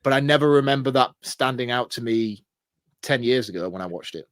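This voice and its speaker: A man co-hosting a podcast, talking in loose, animated casual chat and breaking into laughter often. His voice sits at an ordinary middle pitch. The sound is dry and close, with no room in it. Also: fairly quick, dry recording. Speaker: podcast co-host.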